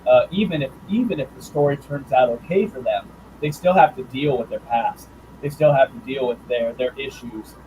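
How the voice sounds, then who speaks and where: A man who writes and draws comics, talking about his work in a casual interview, thoughtful and halting with fillers and restarts. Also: medium pitch, darkish tone, a little hiss or hum, poor audio. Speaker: comics writer and artist guest.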